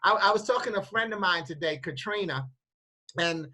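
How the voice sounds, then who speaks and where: A woman hosting a casual inspirational chat who tells animated stories, often repeating her words and laughing while she tells them. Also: on the low side, fairly quick, poor audio. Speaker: host.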